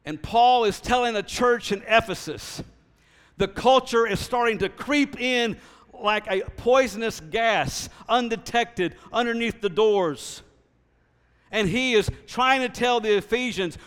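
A man preaching a sermon as pastor, stressing key words slowly and then dropping into a quiet storytelling voice. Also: extremely high pitch, smooth, big-room sound.

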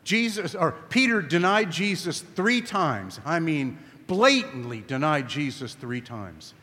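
A man with a fairly high voice preaches with a lot of melody and swing in his pitch. His delivery is emphatic and conversational, and he keeps turning to the congregation with questions. His voice carries a long reverb, as if it were filling a large hall. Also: very animated, a little slow, pushed and bright. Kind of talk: sermon. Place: camp meeting.

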